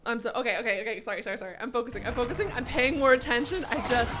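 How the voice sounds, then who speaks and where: A young adult woman live streaming a video game, chatting casually with sarcastic, animated rants. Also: a little high, very fast, few pauses. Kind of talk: casual chat while gaming.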